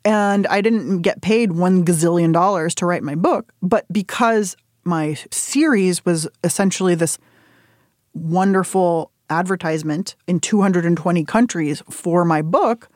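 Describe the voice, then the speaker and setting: An animated woman in her forties tells stories as an interview guest, her pitch leaping high whenever she acts out her own reactions. She laughs often and talks with candid energy. The sound is dry and close. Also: unhurried, no room sound. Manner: animated storytelling, jumps high when quoting herself, laughs often. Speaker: interview guest, cookbook author.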